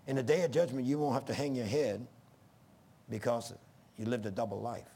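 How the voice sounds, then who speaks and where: A man's voice: mid-range voice, fairly quick, dark tone, slightly rough. A middle-aged man preaching a sermon in an earnest, folksy way that rises to emphatic bursts.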